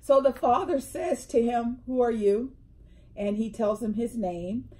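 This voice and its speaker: This middle-aged woman talks unhurriedly in a voice that runs a little high. As co-host of a relaxed indoor chat around a tea table, she's a lively storyteller who acts out quotes from the people she describes.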